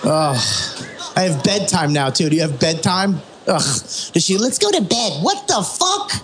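A man doing a stand-up comedy routine, telling stories in a profane, animated way with voice impressions. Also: fairly high pitch, a little slow, roomy sound, crowd noise.

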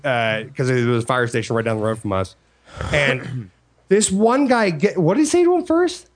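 Man, casual storyteller, lively pitch, acts out voices. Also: moderate pace. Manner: animated, acts out quotes in a high voice.

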